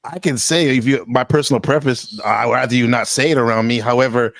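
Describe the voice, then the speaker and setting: A man's voice: medium pitch, steady tone, fast talker, creaky, dry recording. A man hosting a stream, talking casually with many fillers and hesitations, agreeable in tone. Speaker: streamer host. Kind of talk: casual podcast chat.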